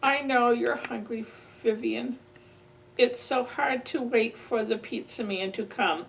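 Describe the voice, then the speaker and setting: Storybook mother, patient and soothing, read by a woman, slow and light, on a distant mic. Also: on the high side, gravelly. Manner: soothing, reassuring. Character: patient gentle mother soothing her child. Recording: distant mic with faint ambient noise.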